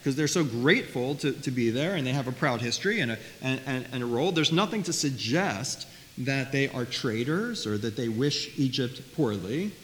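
A man teaching a Bible study class, talking in a lively way, often repeating words and asking his listeners questions. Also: medium pitch, moderate pace. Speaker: Torah teacher. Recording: faint hiss, long reverb.

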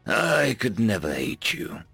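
A man voicing a calm, caring furry alien woman who is an ambassador, speaking slowly and soothingly. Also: fairly low pitch, creaky, husky, no echo, soft background music, full character voice. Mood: gentle.

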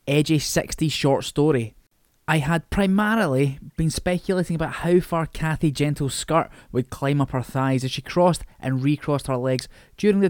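A man narrating a novel in a steady, wry manner. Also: a little high, no room sound, clean studio sound. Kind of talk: reading a novel aloud.

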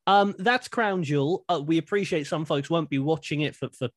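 A man's voice: fairly high pitch, moderate pace, no echo, studio quality. A man co-hosting a podcast, chatting casually and animatedly, thinking aloud with frequent restarts. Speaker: podcast co-host. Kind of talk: casual wrestling chat.

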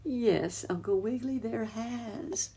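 A woman's voice: medium pitch, expressive, measured pace, a little mellow, husky, pitched above the performer's own voice. Woman doing a fretful muskrat housekeeper. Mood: worried. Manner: fretful, apologetic. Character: fussy muskrat lady housekeeper.

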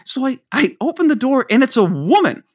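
A man's voice: extremely high pitch, sing-song, a little fast, husky. A man telling a story in casual chat, rambling and swearing, stumbling over his words and restarting often. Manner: rambling, profane, stammers and restarts.

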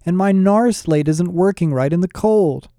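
A man's voice: sits high, moderate pace, dark tone, dry recording, studio quality, voice pushed up, natural voice. A man doing a whining young guy. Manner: whiny.

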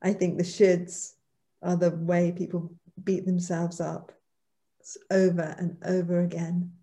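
A woman guest in a reflective conversation, speaking in a measured, affirming way. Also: lowish voice, flat delivery, warm tone.

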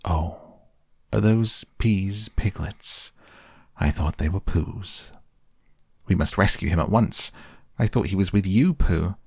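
Man reading eager small boy, husky gravel, pitched up. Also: slow, a little mellow, dry recording, clean studio sound, heavily acted.

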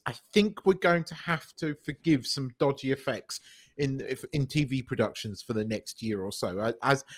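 A man co-hosting a podcast, talking casually and opinionated, stumbling over repeated words and swearing. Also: medium pitch. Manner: stammering restarts, sweary, opinionated. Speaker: podcast co-host. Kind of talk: casual chat review.

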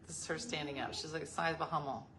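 Woman host, 40s, bright lively delivery, laughing storyteller, faint background noise. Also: low voice, racing. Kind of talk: casual storytelling chat.

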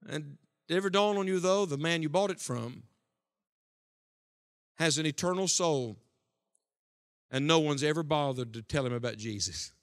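A man preaching a sermon to a congregation, swinging between loud, forceful lines and hushed ones. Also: fairly high pitch. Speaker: evangelist. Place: church hall before a congregation.

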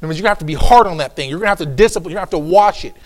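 A pastor preaching a sermon, emphatic and repetitive, folksy with joking asides, swinging from low asides to shouts. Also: male voice, lively intonation, racing.

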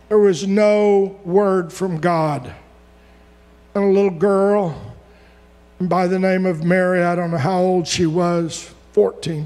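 High-pitched man preaching loud, long hall echo, shouts and repeats lines. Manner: preaching with rising shouts and repetition. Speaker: pastor. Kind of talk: sermon.

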